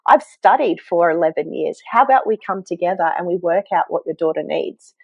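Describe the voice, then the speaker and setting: A woman's voice: fairly low pitch, a little fast, creaky, slightly rough, no echo. Aussie woman guest on a podcast, earnest chatty storytelling, muffled dry mic. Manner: earnest, animated, with self-deprecating asides. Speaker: podcast guest, health coach. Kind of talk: conversational storytelling. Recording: dull, dry sound.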